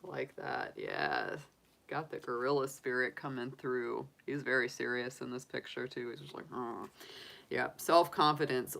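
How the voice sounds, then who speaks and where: A woman giving a live tarot reading in a chatty, animated way, laughing often between points. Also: deep voice, gravelly. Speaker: tarot reader.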